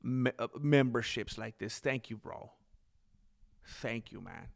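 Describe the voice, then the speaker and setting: Guy rambling on his stream to chat, kinda gravelly, regular pitch. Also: takes it slowly, crowd noise. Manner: rambling, chatty, talks straight to viewers. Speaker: livestream host reading chat. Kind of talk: casual livestream chat.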